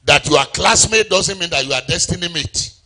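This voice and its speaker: Middle-aged Nigerian male preacher, forceful bright tone, sing-song delivery that calls on the congregation. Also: high voice, brisk. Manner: call-and-response preaching, sings phrases. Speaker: pastor. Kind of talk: sermon.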